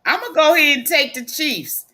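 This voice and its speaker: A woman co-hosting a sports podcast, giving relaxed, plain-spoken picks. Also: sits high, fairly quick. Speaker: co-host. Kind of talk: casual sports talk.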